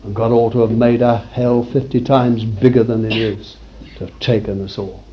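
A man preaching a sermon to a congregation in a room, swinging from loud declarations to hushed asides. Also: mid-range voice, flat delivery, moderate pace, dull audio, a little hiss or hum.

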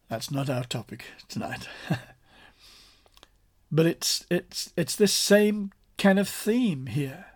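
A male preacher teaching a sermon at an unhurried pace. His voice sits a little high for a man, and he presses his points earnestly through repetition. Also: animated. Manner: earnest, explanatory, emphatic repetition.

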